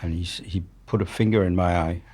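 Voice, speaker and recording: A man's voice: deep voice, steady tone, fast, a little mellow, breathy edge. A man in his seventies from France, speaking English with a French accent as a guest, telling stories bluntly and matter-of-factly. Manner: blunt, matter-of-fact, swears freely. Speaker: guest, war journalist. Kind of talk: candid storytelling in conversation.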